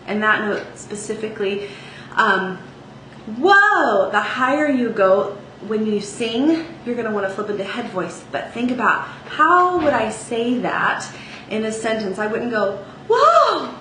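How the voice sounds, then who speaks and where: A woman gives a singing lesson in a bright, ringing voice, chatting through the exercises and checking in often. Her voice bounces around an echoey room, with faint ambient noise underneath. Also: medium pitch, moderate pace. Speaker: singing teacher. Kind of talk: vocal lesson with sung demonstrations.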